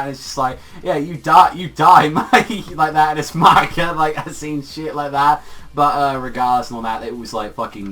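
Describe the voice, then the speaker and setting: A man's voice: medium pitch, a bit bright. A young man casually reviewing a manga chapter, rambling through fillers and swearing freely as he gushes. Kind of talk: casual spoken video review. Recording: far from the mic, faint music behind.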